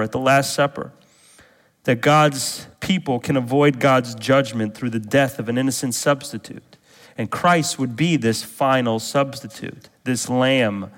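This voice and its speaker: Emphatic male pastor preaching in a hall. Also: on the high side. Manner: emphatic, repeats key phrases, asks the congregation questions. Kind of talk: sermon.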